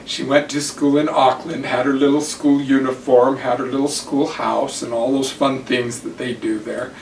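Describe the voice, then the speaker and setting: An older man and church teacher giving a devotional talk, telling personal stories slowly and deliberately. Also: medium pitch, level tone, a little hiss or hum. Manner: slow, deliberate storytelling. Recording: roomy, distant mic, faint ambience.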